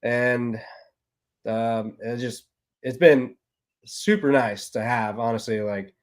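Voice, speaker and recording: A man's voice: mid-range voice, fairly even intonation, slow pace. Laid-back Texan man telling stories. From Texas, USA. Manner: easygoing, rambling storyteller with many fillers. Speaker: guest, snake breeder. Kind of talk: casual podcast conversation.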